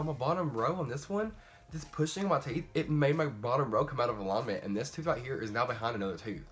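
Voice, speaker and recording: A teenage boy talking through a casual makeup storytime, chatty and animated, jumping into high squeals when quoting people. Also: fast talker. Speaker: beauty vlogger. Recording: faint music behind.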